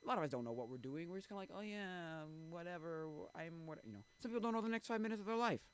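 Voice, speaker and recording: A man's voice: high-pitched, sing-song, racing. A young man live streaming, rambling in casual chat with many restarts and trailing thoughts.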